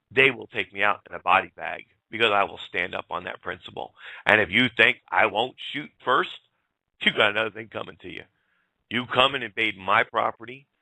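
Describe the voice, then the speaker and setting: A man's voice: medium pitch, creaky, bright, forceful tone, dry recording, poor audio. A man hosting a talk show, ranting bluntly and heatedly. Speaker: show host.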